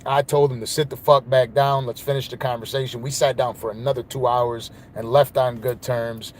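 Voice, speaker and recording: A man holds forth as a podcast host, telling his side of a story in a loose, wandering monologue. His speech is peppered with curses and he keeps checking in with the listener. His pitch sits in an ordinary middle range. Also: level tone, moderate pace. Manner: profane and rambling, with frequent "you know what I mean".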